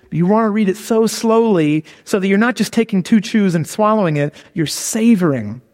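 A man's voice: sits high, expressive, moderate pace, darkish tone, long reverb tail. A man giving a conversational sermon who keeps checking in with his listeners with "okay?" and "all right?". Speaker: preacher.

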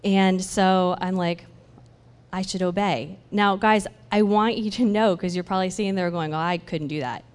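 A woman sharing a personal faith testimony in an animated storytelling way, acting out the conversations she describes. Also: medium pitch, moderate pace, clean tone. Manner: animated storytelling that acts out dialogue, with laughs. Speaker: church speaker sharing a testimony. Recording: long hall reverb.

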